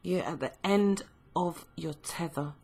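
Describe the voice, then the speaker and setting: A woman giving a tarot reading, told as a slow, emotive second-person story with frequent pauses. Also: lowish voice, creaky, mellow, slightly rough. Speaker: tarot reader.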